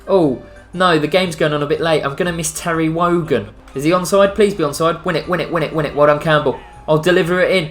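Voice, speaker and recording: A young man commentating on his own football video game play, joking sarcastically and breaking into excited outbursts. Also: on the high side, fast. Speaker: gaming YouTuber. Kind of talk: live gameplay commentary. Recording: faint music behind voice.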